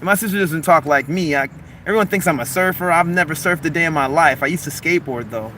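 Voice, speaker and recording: A man with a Long Beach, Los Angeles accent rambles through a casual live stream and reads viewer comments aloud. His voice is bright and forceful and sits fairly high for a man. He talks animatedly, leaning on "like" and "man.". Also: fast talker, slight background noise. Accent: Long Beach, Los Angeles mix. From Los Angeles harbor area, USA.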